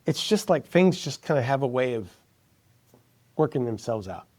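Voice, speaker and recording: A man being interviewed as a guest, telling a personal story in a casual, animated way and dropping into a soft hushed voice when quoting others. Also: medium pitch, moderate pace.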